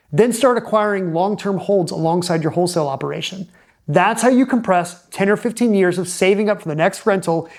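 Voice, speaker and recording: A man's voice: high voice, darkish tone. A man who is a real estate investor, giving direct-to-camera advice in an emphatic, punchy coaching manner.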